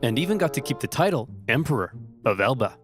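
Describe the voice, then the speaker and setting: Male narrator with a wry, deadpan comic read and a lively, bouncy pitch, music underneath. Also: fast talker. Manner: dry, sarcastic comic delivery. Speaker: narrator and voice of all characters. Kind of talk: comic animated history narration with character voices.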